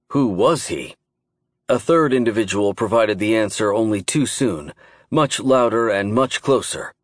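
A man reading an audiobook in a measured, even storytelling manner. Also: lowish voice, dry recording, studio quality. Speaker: narrator. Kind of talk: scripted audiobook narration.

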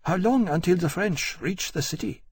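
A man's voice: animated, normal speed, a little mellow, husky, no room sound. A man voicing a fierce, proud queen. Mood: urgent. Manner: urgent, high and imperious. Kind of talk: audiobook character voice.

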